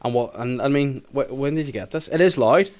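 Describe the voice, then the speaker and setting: Northern irish guy hosting his podcast, mid pitched voice, jokey and teasing, just chatting away. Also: fairly quick, darkish tone. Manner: joking, teasing. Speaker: podcast host. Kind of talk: casual chat.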